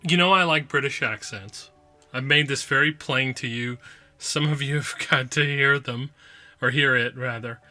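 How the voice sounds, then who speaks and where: A man's voice: mid-range voice, moderate pace, bright, forceful tone, soft background music. A man hosting his own podcast, talking casually and playfully with lots of repetition and asides. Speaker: podcast host. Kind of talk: casual solo review.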